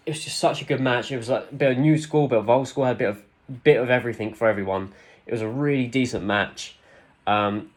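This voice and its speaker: Excitable man chatting wrestling. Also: lowish voice. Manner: excitable, rambling fan talk with fillers. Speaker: podcast co-host. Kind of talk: casual wrestling podcast chat.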